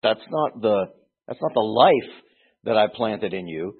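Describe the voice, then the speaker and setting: A man with a low, husky voice teaches scripture with earnest explanation, stopping to restart phrases and leaning hard on single words. The sound is thin and tinny, like a phone line. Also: lively intonation, measured pace. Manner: earnest, explanatory, with frequent restarts and emphatic stresses. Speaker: Bible teacher. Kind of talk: expository Bible teaching.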